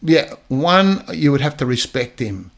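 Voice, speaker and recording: A man's voice: a little high, big pitch swings, creaky. An older man with an Australian accent, a retired police officer telling stories in a casual interview, often repeating words as he goes. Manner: halting, repeats words as he talks.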